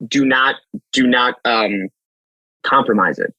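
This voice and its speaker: Husky guy coach on a podcast, fired up, acts out convos, swears a bit, dry close mic. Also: mid-range voice, slow, dry recording, lo-fi sound. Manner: energetic, storytelling, acts out dialogue, swears casually. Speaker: fitness coach. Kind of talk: animated podcast conversation.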